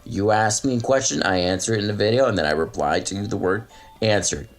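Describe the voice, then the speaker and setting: A man's voice: fairly low pitch, brisk, natural voice. A man in a played clip, acting as a self-important young online "captain" who lectures and complains. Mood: pompous. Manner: pompous, stiff, lecturing, complaining of being pissed off. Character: self-serious young male online "captain" of a chat platoon, touchy and easily angered.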